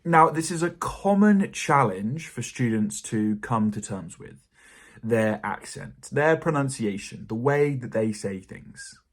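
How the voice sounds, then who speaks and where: A man with a British accent, an English teacher giving a clear, measured, encouraging lesson to camera. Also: mid-range voice, expressive.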